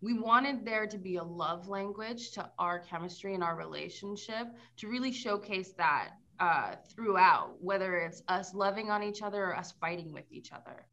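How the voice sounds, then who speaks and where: Actress gushing earnestly about her costar, bright tense voice, kinda muffled audio. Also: mid-range voice, moderate pace, hardly any pauses. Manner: earnest and heartfelt. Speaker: actress interviewed as a guest. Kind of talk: casual interview chat.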